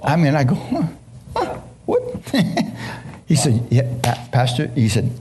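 Impassioned preacher man, halting and fervent. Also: a little high, huge pitch swings, a little mellow, slight background noise. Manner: impassioned, halting, many restarts, calls to the congregation. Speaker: preacher giving a testimony. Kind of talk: emotional sermon testimony.

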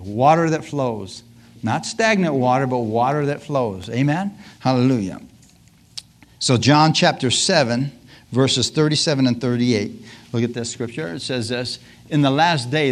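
This sermon comes in a mid-range male voice at normal speed. The preacher frequently shouts hallelujah and amen, laughs, puts questions to the congregation, and brings scripture scenes alive with lively voices.

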